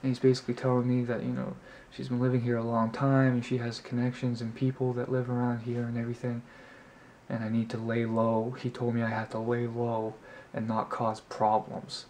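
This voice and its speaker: Brisk and monotone, with a slightly mellow quality, a young man vlogs to his camera mic from his apartment at night. His story rambles along in a chatty, exasperated way, punctuated by high-voiced imitations of others. Slight background noise is present.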